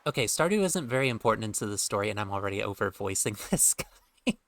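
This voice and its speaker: A man's voice: on the low side, sing-song, quick pace, a bit bright, no room sound. A man streaming a game, chatting casually, rambling and joking with offhand swearing. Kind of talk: casual gameplay commentary.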